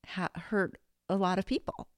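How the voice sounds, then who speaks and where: A woman's voice: medium pitch, normal speed, dry recording, studio quality. A woman co-hosting a conversational faith podcast, speaking reflectively and questioning herself. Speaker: podcast co-host.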